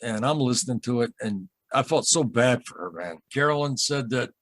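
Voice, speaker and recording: A man recounting his own UFO encounter as an interview guest, in a halting, rambling way full of asides and restarts. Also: mid-range voice, animated, a bit bright, dry recording. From Michigan, USA. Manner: rambling, halting, with many repeated starts and asides. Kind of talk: emotional storytelling in a casual interview.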